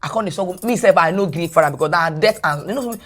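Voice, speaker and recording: Husky Nigerian woman telling her story. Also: lowish voice, fast talker. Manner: animated retelling that slips between English and Pidgin. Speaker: guest. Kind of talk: personal storytelling in a podcast interview.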